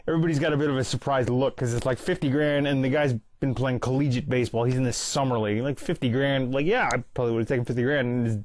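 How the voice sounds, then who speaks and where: A man's voice: mid-range voice, fast, few pauses, darkish tone, no echo. A man in his early thirties, host of a movie commentary channel, chattily retelling a film's ending and quoting its lines in a casual monologue. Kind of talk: casual film recap monologue.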